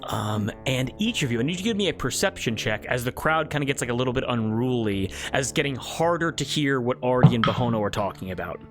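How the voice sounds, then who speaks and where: A young man narrating as game master, relaxed and full of fillers. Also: mid-range voice, fast, few pauses, soft background music.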